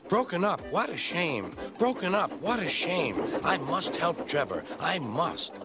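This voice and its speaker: A man's voice: on the high side, big pitch swings, measured pace, pitched above the performer's own voice. Male narrator doing a kind old engine for a kids' cartoon, fatherly, music under it. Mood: amused, kindly. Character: kindly old steam engine, gentle.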